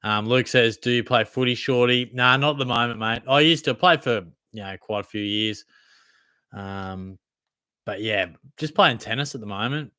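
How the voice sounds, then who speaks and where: A young Australian man hosts a laid-back fantasy football livestream Q&A, reading chat questions in a blokey way, calling everyone mate and swearing freely. His medium-pitched voice moves at a moderate pace with a sharp, clear, resonant tone, recorded in a clean studio with no echo.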